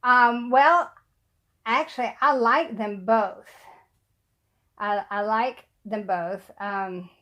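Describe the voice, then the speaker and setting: A woman's voice: fairly high pitch, slow, long pauses, fairly bright tone. Breathless chatty woman. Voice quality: slightly weak voice. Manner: chatty, rambling, with small laughs and fillers. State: short of breath. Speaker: doll collector vlogger. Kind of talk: casual chat to camera. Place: room at home.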